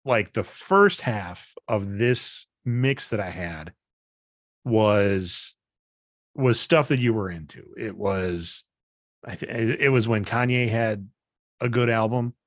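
A man in his thirties co-hosting a casual podcast chat, talking in a relaxed, rambling way with fillers. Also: lowish voice, slow, dry recording, clean studio sound. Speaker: podcast co-host.

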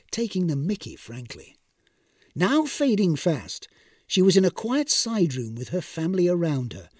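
Wry, lively male storyteller. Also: on the high side, no echo, clean studio sound. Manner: wry, expressive comic narration. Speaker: narrator. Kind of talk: storybook reading.

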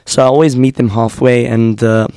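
A man's voice: mid-range voice, level tone, normal speed, mellow, clean tone, no room sound, clean studio sound. A South African man chatting casually on a podcast, laughing often and restarting his sentences. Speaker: teaching fellow, podcast guest. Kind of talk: casual chat.

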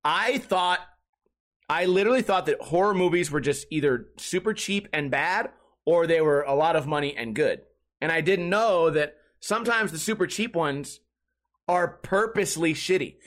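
A man's voice: fairly high pitch, animated, normal speed, fairly bright tone. A man rambling casually through a podcast monologue, swearing and joking about movies. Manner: rambling, profane, jokey movie talk. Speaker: podcast host.

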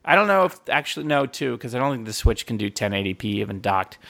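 A man hosting a podcast in casual chat, rambling and profane, with quick asides. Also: mid-range voice, very animated, creaky, pushed and bright.

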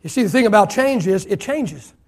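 A middle-aged man preaches as a pastor in an expressive, high voice. He alternates between loud, shouted emphasis and soft asides, drawing key phrases out slowly to emphasize them.

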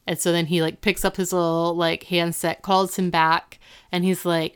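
A woman's voice: on the low side, moderate pace, clean tone. A woman chatting casually on a podcast, recapping a TV episode and acting out the characters' lines in a raised voice. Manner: animated, acts out quotes in a raised voice.

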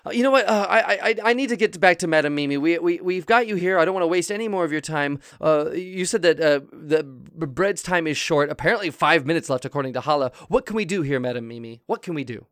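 A man hosts an improvised comedy podcast, stammering and flustered in a mock-earnest way. His voice sits a little high. The sound is close and dry. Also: lively intonation, quick pace, hardly any pauses, fairly bright tone, no echo. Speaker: host.

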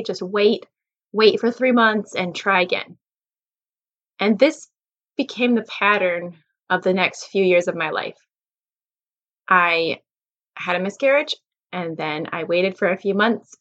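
A woman's voice: medium pitch, fairly bright tone, lo-fi sound. A woman in her thirties, a podcast host, telling a candid and emotional personal story about her faith.

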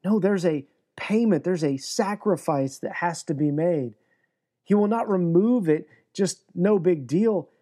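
Earnest preacher, a man with a mellow voice. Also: sits high, animated, a little slow. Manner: earnest, emphatic preaching with frequent restarts. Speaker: pastor. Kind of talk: sermon.

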